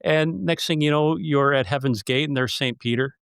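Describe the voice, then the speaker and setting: A man's voice: on the high side, normal speed, fairly bright tone, smooth, no room sound, studio quality. A man hosting a podcast interview, telling stories in a chatty, joking way. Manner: storytelling, jokey and chatty. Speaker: podcast host.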